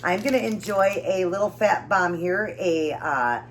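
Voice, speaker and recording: A woman's voice: lowish voice, unhurried, a little hiss or hum. A woman with a Northern US accent chatting casually through a home eating show, rambling and often correcting herself. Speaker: keto vlogger. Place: home with mowing outside.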